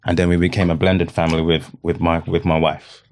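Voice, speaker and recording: A middle-aged man telling a personal story in an earnest, halting way, often repeating himself. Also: deep voice, monotone, a little mellow, slight background noise. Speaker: podcast guest.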